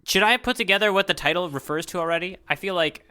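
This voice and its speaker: A man co-hosting a podcast, reacting in quick, questioning talk and thinking aloud. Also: high voice, bright, forceful tone, clean tone. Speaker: podcast co-host reacting to a recap. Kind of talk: casual podcast chat.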